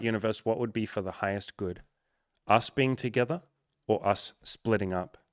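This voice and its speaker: A man's voice: lowish voice, no echo, studio quality. A man who is a coach, talking earnestly and emphatically in a personal vlog monologue, swearing often.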